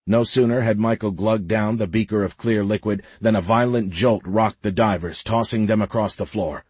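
A man narrating a science fiction audiobook in a steady, measured way. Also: on the low side, breathy edge, no room sound. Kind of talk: scripted narration.

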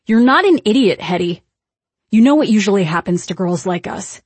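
Reese is a blunt, skeptical teenage girl in a spoken storybook, voiced by the woman reading it. Her voice is husky and dry, with no room sound, and she speaks in flat, pointed questions. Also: mid-range voice, moderate pace, no room sound.

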